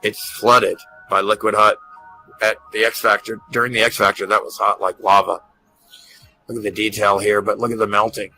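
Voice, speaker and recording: Gravelly man gushing with excitement. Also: lowish voice, moderate pace, soft background music, rough recording. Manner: gushing, repeats himself, stammers. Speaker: host. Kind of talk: excited commentary over pictures.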